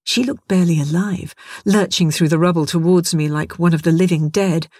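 A man's voice: on the high side, steady tone, a little fast, a little mellow, no room sound. Male storyteller, dry close read. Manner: vivid, darkly wry storytelling. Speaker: narrator. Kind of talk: first-person story narration.

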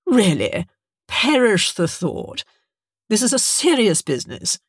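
A woman playing a smug, unflappable gentleman who purrs his lines and swings his pitch around a lot. The sound is dry and close, as in an audiobook. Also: big pitch swings, normal speed, breathy edge, dry recording, full character voice. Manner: smug, purring. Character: smug, composed older gentleman academic.

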